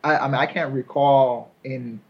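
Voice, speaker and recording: Husky man rambling on a lo-fi line. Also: mid-range voice, steady tone, normal speed. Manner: rambling, lots of fillers and restarts. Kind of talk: casual wrestling chat. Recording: husky, dull lo-fi sound.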